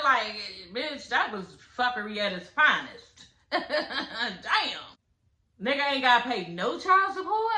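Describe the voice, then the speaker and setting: Woman, reality show recap vlog, profane and blunt, bright tone, echoey room. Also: fairly high pitch. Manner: blunt, profane, laughing asides.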